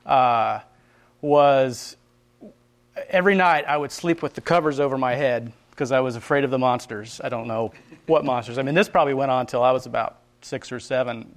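A man telling his personal faith testimony in an earnest, rambling way, often stopping to restart and acting out prayers as quotes. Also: mid-range voice. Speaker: Christian speaker sharing his testimony.

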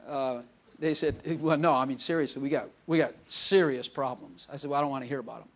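A man's voice: mid-range voice, fairly quick. A male pastor preaching a casual, conversational sermon, telling stories with quoted dialogue and laughing often.

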